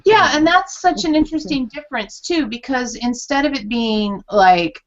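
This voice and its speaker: A woman's voice: on the high side, normal speed, few pauses. A woman hosting a casual live chat, talking expressively and acting out quoted reactions with frequent laughter. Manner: animated, acts out quoted reactions, laughs often. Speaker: channeler and host. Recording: dull lo-fi sound.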